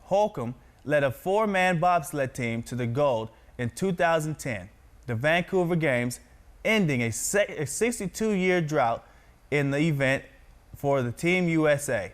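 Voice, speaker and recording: A man reads practice news copy aloud in a slightly high voice. He stumbles over hard names and repeats the corrections. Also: expressive, measured pace. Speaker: trainee practicing news reading. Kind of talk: practice news reading with coaching.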